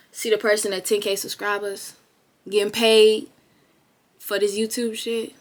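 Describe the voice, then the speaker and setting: A young woman vlogger giving a blunt, profane motivational talk straight to the camera, with emphatic, animated delivery that rises to loud bursts. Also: medium pitch, normal speed.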